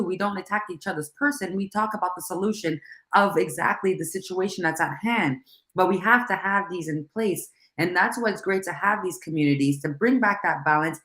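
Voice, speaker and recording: Animated woman in an echoey room. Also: mid-range voice. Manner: animated, talks in quick bursts with restarts. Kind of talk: casual conversation.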